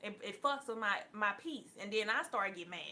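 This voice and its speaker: A woman giving a blunt, profane casual talk to her viewers as a tarot reader, laughing often and getting loud at times. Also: medium pitch, expressive, a little fast, slight background noise.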